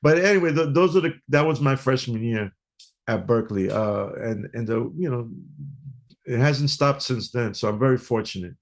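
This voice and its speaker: Animated middle-aged New guest, talks in stories, voices the other people in them. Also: male voice, medium pitch, normal speed. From New York. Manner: animated storyteller who acts out dialogue. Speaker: guest musician. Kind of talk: storytelling interview.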